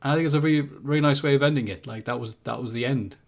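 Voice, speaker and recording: A man with a British accent chats on a podcast as a guest. His voice sits at an ordinary middle pitch, and he talks in a jokey, animated way, spinning vivid pictures as he goes. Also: fast talker, vocal fry. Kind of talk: casual podcast chat.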